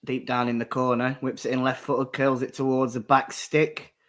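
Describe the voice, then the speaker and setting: Man, co-host, casual live match commentary, relaxed, describes play as it happens, medium pitch. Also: normal speed.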